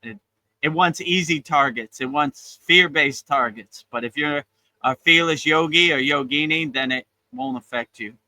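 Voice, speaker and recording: A man giving a casual spiritual talk as a teacher, relaxed and encouraging, often repeating his phrases. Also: fairly high pitch, normal speed, dry recording, low-quality recording. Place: outdoors on a beach.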